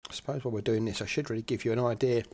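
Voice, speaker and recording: A man giving relaxed, chatty live commentary on an online sim race, with plenty of fillers. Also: mid-range voice, rapid-fire.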